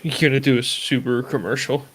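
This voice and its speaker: A man's voice: medium pitch, steady tone, fast talker, slightly rough. Dry-joking man hosting a live stream. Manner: dry, teasing jokes. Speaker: host. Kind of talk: casual live-stream chat.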